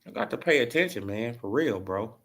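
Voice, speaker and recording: Brief: male host, relaxed boxing talk, mid-pitched, rambling, lots of "right?" tags. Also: brisk. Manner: loose and repetitive, tags lines with "right?". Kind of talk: casual boxing commentary stream.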